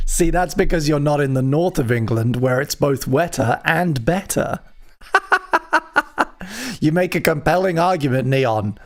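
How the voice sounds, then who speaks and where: A man's voice: fairly high pitch, animated, unhurried, long pauses. Wry, joking male music-stream host. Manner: wry, jokey, self-deprecating. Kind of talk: casual live-stream chat.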